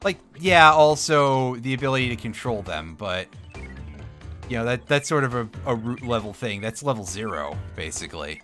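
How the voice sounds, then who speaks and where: A man's voice: mid-range voice, animated, moderate pace, a bit bright. A sleepy man streaming a video game, talking casually into a desk mic. He rambles in a wry, offhand way and corrects himself mid-thought. Faint music plays under his voice. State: sleepy, yawning. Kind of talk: casual let's-play commentary.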